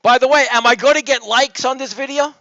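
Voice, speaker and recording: Casting: male lecturer, high voice, loud and teasing, dry dull recording. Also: steady tone, fast talker, gravelly, dry recording. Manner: joking, coaxing, calls students by name; loud, projects voice to the room. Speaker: engineering professor. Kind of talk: lecture review session.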